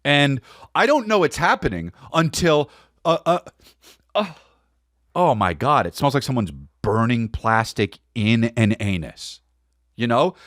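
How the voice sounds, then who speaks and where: A man's voice: medium pitch, big pitch swings, a little slow, a bit bright, no echo. A man hosting a podcast, telling a casual comic story in a rambling way with stammered restarts and crude words. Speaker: podcast host.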